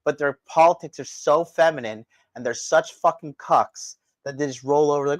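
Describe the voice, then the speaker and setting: A man's voice: fairly high pitch, normal speed, hardly any pauses, no echo. A man hosting a livestream, delivering a profane, combative rant and talking straight to his chat. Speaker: livestream host. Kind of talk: ranting livestream commentary.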